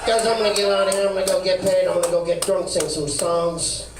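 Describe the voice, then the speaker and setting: A man's voice: sits high, flat delivery, fast, noisy background. A man doing a crude stand-up set in a brash lounge-act persona, with mumbled asides, at a comedy club. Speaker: stand-up comic. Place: comedy club stage, live. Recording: echoey room heard from far off.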